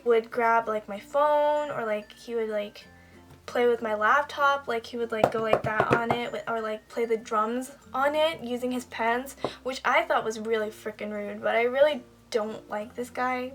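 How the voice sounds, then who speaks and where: A woman's voice: fairly high pitch, fairly even intonation, moderate pace, a bit bright. A young woman vlogging a casual storytime while doing her makeup, chatty and full of filler words. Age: young adult. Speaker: beauty vlogger.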